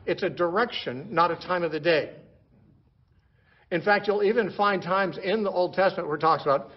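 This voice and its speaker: A man gives a verse-by-verse Bible lecture in a voice pitched a little above the usual male range. He explains patiently and often restarts his sentences by repeating a word or two. The recording is dull and lo-fi. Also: normal speed. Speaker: Bible teacher.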